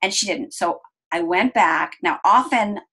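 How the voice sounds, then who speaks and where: A middle-aged woman telling an interviewer a personal family story in an earnest, gentle way, slowing down at the calm moments. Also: lowish voice, breathy edge, poor audio. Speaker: interview guest.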